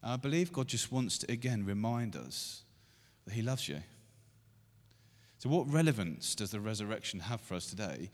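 A man's voice: on the low side, expressive, moderate pace. Preaching man in an echoing hall. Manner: builds to loud emphatic repetition. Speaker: pastor. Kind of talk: sermon. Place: church meeting room. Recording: long hall reverb.

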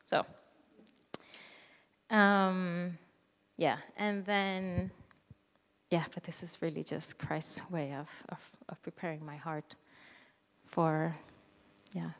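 Thirties woman, lowish voice, telling her testimony in a reverberant hall, earnest, restarts often. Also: level tone. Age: 30s. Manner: earnest, halting, with frequent restarts. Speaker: speaker giving a testimony. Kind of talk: personal faith testimony.

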